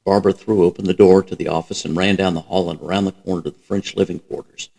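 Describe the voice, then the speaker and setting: A man reading a novel aloud as host, in a steady, even narration. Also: deep voice, quick pace, creaky, low-quality recording. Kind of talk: audiobook-style reading.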